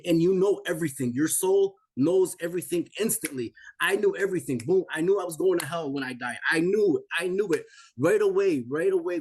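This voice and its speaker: A man in his forties giving an emotional personal testimony as an interview guest, intense and repetitive, often restarting his sentences. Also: a little high. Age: 40s. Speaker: guest telling a near-death experience.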